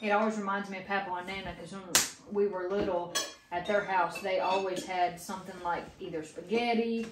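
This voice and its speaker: A woman's voice: mid-range voice, steady tone, brisk, heavy background noise. Chatty young Southern woman. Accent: Southern Appalachian. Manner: chatty, rambling, says "like" often. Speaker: vlogger. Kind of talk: casual family vlog chat. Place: family house, kitchen.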